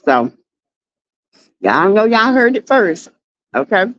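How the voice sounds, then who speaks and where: A woman's voice: mid-range voice, big pitch swings, a bit bright, dull audio. A woman with a Southern US accent hosting a casual livestream, greeting viewers by name in a sassy way. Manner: sassy, greets chat by name, drawn-out exclamations. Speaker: livestream host.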